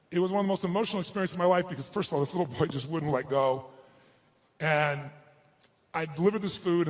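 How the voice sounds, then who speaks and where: A motivational speaker with a high voice tells an audience a personal story, sounding heartfelt and slowing down for emotional moments. He then turns persuasive and rallying.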